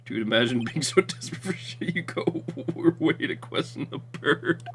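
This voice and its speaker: A man's voice: fairly high pitch, animated, normal speed, fairly bright tone, slight background noise. A man giving casual, amused, offhand commentary while playing a game. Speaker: let's play reader. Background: game music.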